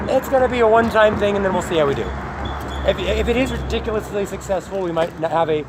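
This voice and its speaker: Brief: high-pitched male co-host, playful and jokey, clear traffic noise behind. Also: expressive, fast talker. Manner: playful, joking, laughs often. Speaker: guest co-host. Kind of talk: casual podcast chat.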